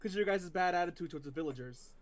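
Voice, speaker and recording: Slightly high-voiced game master man. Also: very fast, over a noisy crowd. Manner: relaxed, explanatory, stumbles on words. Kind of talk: recapping a tabletop game.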